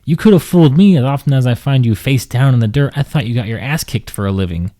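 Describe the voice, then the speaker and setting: A man's voice: mid-range voice, animated, quick pace, warm tone, natural voice. A man voicing a wealthy, jovial male vampire chemist who speaks with a Jamaican accent and teases his friend. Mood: teasing.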